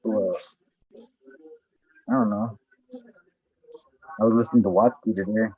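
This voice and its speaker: A man's voice: lowish voice, steady tone, unhurried, darkish tone, breathy edge, no room sound, highs cut off. A man chatting casually and rambling, swearing a lot and filling his talk with likes. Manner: rambling, heavy swearing, lots of fillers. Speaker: podcast host. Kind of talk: casual chat.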